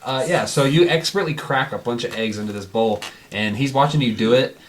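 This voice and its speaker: A man's voice: medium pitch, a little fast, a little hiss or hum. A man narrating as game master for a tabletop game, loose and rambling with many fillers.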